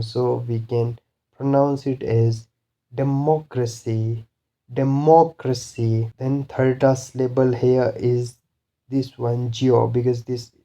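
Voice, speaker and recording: A man teaching a pronunciation lesson, repeating example words slowly for students to follow. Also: medium pitch, gravelly, dark tone. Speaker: English teacher.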